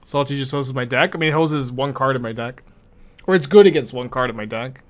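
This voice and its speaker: A man streaming a card game, talking casually at a middle pitch. He reasons through each play aloud in a loose, chatty way. Every so often he turns to answer questions from his viewers. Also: quick pace. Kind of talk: casual live-stream gameplay commentary.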